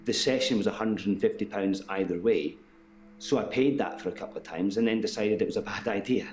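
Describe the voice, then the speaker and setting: An actor playing a detached male patient in a full-motion video game, with an even, measured delivery. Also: on the low side, slight background noise, natural voice. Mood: flat, detached. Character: calm, detached British male patient who walks through doors.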